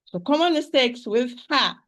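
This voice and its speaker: A woman with an Arabic accent teaching Quran pronunciation, repeating sounds slowly and patiently to demonstrate them. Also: high-pitched, lively intonation, a bit bright. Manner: addresses listeners as "my dear sister". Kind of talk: pronunciation lesson.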